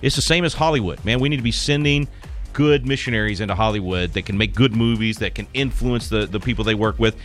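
Deep-voiced radio talk host. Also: male voice, quick pace, faint music behind. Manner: earnest, preachy, with frequent restarts and fillers.

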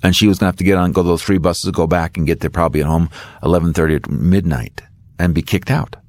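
A middle-aged man, appearing as a guest author, tells a story about faith and acts out the voices of its characters with animation. His voice sits low and he talks fast. The recording is dry.

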